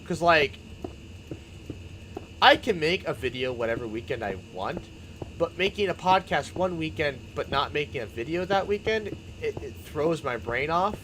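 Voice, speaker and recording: A young man chatting casually on his stream, rambling and excitable, often laughing and restarting his sentences. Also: on the high side, normal speed, a little hiss or hum, rough recording. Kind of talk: casual chat while building in a game stream.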